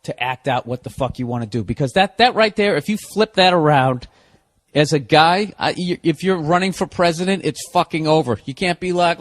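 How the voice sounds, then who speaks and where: A man's voice: fairly high pitch, animated, a little fast. A man delivering a rambling, heavily profane comic rant as a podcast host, sounding exasperated.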